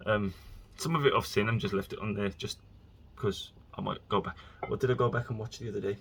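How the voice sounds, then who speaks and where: Male podcast host, husky voice, loose chatty monologue with bursts of exasperation. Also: lowish voice, steady tone, a little fast, fairly bright tone. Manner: rambling, chatty, breaks into exasperated rants. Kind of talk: casual solo podcast rambling.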